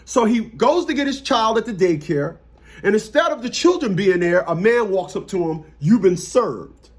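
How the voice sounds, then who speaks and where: Husky, mocking man talking straight to viewers. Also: high voice, very animated, normal speed. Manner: blunt, mocking, repetitive, street talk. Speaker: family court consultant and host. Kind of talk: monologue commentary to viewers.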